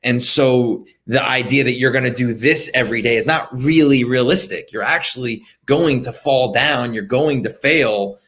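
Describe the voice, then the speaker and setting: A man's voice: medium pitch, moderate pace, few pauses, a bit bright. A man hosting a podcast, reflecting on his coaching past and asking his guest probing questions in an encouraging conversational way. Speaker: podcast host. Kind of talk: conversational interview.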